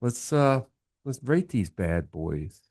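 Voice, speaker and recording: A man's voice: medium pitch, big pitch swings, slow pace, darkish tone, dry recording, clean studio sound. A man on a radio show as a guest beer reviewer, chatting casually and rambling through jokes. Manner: rambling storyteller who acts out the voices in jokes. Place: radio studio. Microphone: studio mic.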